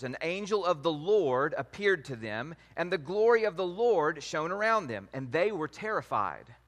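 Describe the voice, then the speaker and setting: A man teaching a sermon in a measured way, reading scripture passages aloud. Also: fairly high pitch, a bit bright. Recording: long hall reverb.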